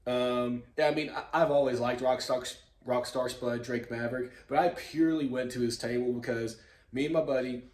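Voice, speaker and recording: Easygoing male vlogger, medium pitch, chatty and full of fillers, recorded in a reverberant room. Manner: rambling, relaxed, frequent fillers and chuckles. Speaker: YouTube host. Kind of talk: casual vlog storytelling. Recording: echoey room.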